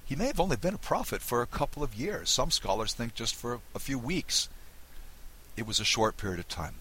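A man from the Southern United States giving a recorded Bible lesson, explaining with lively emphasis. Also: mid-range voice, a little fast, slight background noise, low-quality recording. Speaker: Bible teacher.

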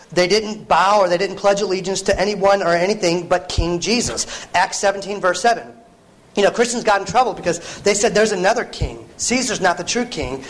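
A man with a high voice preaches a sermon to a congregation. He talks earnestly and conversationally, restarting phrases and dropping in asides as he goes. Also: poor audio.

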